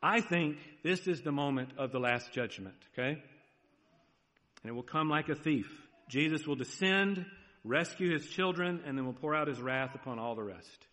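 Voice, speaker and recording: A man preaching a sermon as pastor, earnest and pleading, moving between loud urging and a soft hush. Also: on the high side, moderate pace, big-room sound.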